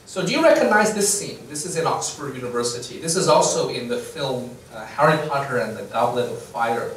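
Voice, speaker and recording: Chuckling lecturer in an echoey room. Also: male voice, mid-range voice, fairly quick, distant mic, slight background noise. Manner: relaxed, chuckling, full of fillers. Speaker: English lecturer and livestream host. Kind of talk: casual talk in a livestreamed lecture.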